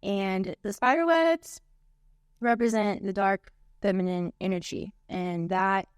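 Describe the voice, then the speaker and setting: A woman's voice: mid-range voice, a little slow, clear, resonant tone, no room sound, studio quality. A woman guest on a podcast, talking in a frank, emphatic way with slangy asides. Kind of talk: casual podcast chat.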